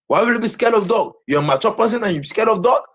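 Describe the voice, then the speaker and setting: Man, live streamer, husky and boastful, very lively pitch, repeats every line. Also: quick pace. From Nigeria. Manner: boastful, repeats himself over and over.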